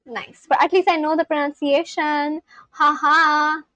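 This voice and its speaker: Giggly high-voiced woman streamer. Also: level tone, measured pace, pushed and bright, no echo, muffled recording. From India. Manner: chatty, giggly, reads chat messages aloud and answers them. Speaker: livestream host. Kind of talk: casual livestream chat with viewers.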